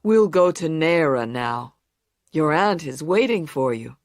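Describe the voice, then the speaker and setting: A woman voicing a big, tough but gentle young male boxer, speaking low and calm in a graded reader story. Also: measured pace, no room sound, clean studio sound.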